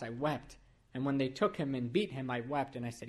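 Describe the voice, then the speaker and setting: A man's voice: mid-range voice, normal speed. A man from Iran preaching a sermon and telling his own conversion story, earnestly, with building, repeated declarations. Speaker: preacher giving his testimony. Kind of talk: sermon testimony.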